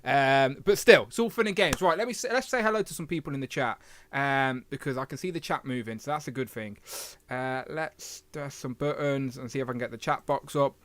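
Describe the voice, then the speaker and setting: A man's voice: medium pitch, brisk, a bit bright. A British man hosting a casual live stream, chatty and self-deprecating, rambling as he talks. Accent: British English. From Britain. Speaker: livestream host.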